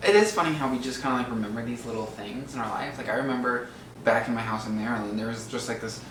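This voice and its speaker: A man's voice: medium pitch, fast talker, roomy sound, far from the mic, background noise. A young man, co-host of a casual chat, telling childhood stories and acting out the voices in them. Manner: animated storyteller, acts out quotes.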